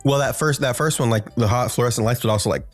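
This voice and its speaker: A man's voice: mid-range voice, fast talker, no room sound, soft background music. A man co-hosting a podcast, chatting casually about an album with many fillers and bursts of sung lyrics. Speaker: podcast co-host. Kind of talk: casual music discussion.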